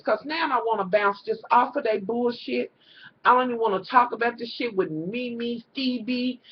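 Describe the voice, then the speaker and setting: A woman's voice: a little high, husky. A woman recapping a reality show in a profane, casual rant, talking straight to her viewers and swearing constantly. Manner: animated, exasperated, swears constantly, talks to viewers as y'all. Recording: dull lo-fi home recording.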